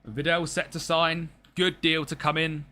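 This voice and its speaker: A man's voice: fairly high pitch, little pitch movement, unhurried, bright, forceful tone. A young man streaming a football management game, chatting casually and jokily with his viewers as he plays. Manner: chatty and jokey, talks to chat and game players.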